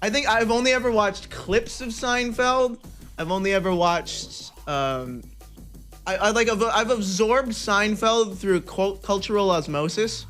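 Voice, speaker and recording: A man's voice: sits high, a little slow, fairly bright tone, soft background music. A young man streaming, chatting casually and rambling with frequent restarts and self-interruptions.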